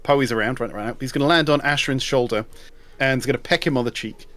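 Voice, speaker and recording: A man playing a tabletop game, playful and animated. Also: medium pitch, fast talker. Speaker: player. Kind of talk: tabletop role-play chat.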